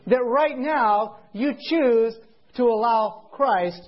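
Husky high-voiced male preacher, slow. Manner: asks the audience rhetorical questions; slow, emphatic preaching with drawn-out words. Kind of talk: sermon. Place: meeting hall with a congregation. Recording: dull lo-fi recording.

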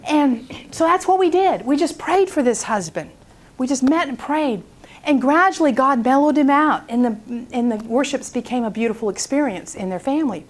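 A woman speaking at a prayer seminar, telling a story in an animated way and acting out its people. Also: sits high, normal speed.

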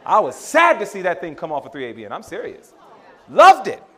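A faint crowd can be heard behind this male preacher, whose voice is high and fairly quick. He speaks to his congregation as brothers and sisters, laughing and acting out dialogue with his kids in an animated sermon.

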